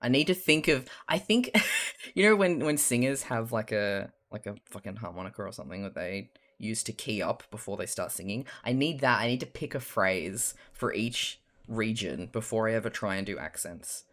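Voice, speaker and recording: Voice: mid-range voice, animated, moderate pace, a bit bright. Mild-accented young Australian streamer. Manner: rambling, laughs often, swears casually. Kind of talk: casual chat while drawing on stream.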